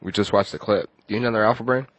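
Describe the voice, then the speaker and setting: A man with a very deep voice co-hosts a casual podcast. He chats in a dry, teasing way. The sound is close and free of room echo. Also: very fast. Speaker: podcast co-host. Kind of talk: casual chat.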